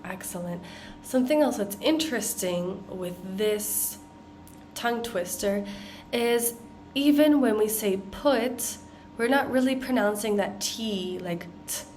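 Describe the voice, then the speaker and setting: A woman with an American accent teaching pronunciation, modeling tongue twisters slowly and deliberately. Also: mid-range voice, a little mellow, slight background noise. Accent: General American. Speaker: accent coach. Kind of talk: pronunciation lesson.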